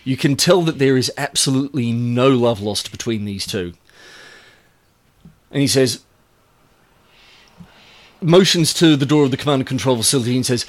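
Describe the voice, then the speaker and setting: A man narrating a tabletop game as game master, rambling and halting often as he describes the scene. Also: mid-range voice. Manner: rambling, full of "uh" and restarts.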